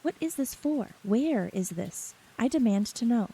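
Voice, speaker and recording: A woman's voice: a little high, lively intonation, measured pace, mellow, husky, full character voice, poor audio. A woman voicing a bewildered young man who keeps protesting, in a whispered role-play reading. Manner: protesting, pleading.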